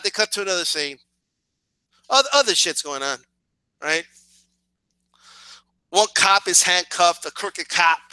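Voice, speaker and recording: High-pitched, bright, profane male ranter. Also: unhurried, pauses often, smooth, no room sound. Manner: profane, animated, keeps asking "right?". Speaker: vlogger. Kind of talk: casual comedic rant.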